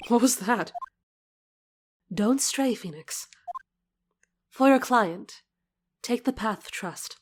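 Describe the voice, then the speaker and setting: A woman voicing a calm mentor figure in a game who speaks softly from a distance. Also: a little high, takes it slowly, long pauses, a little hiss or hum. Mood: guiding.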